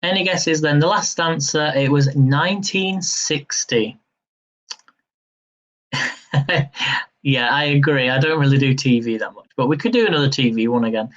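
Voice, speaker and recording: A man's voice: a little high, animated, normal speed, pauses often, fairly bright tone, highs cut off. A man hosting a live-stream quiz, chatty and upbeat, laughing easily as he reads questions and counts down. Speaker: quiz host.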